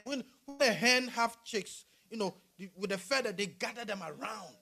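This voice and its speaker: A male pastor preaching a sermon, animated and rising to shouts. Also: high-pitched, moderate pace, hardly any pauses.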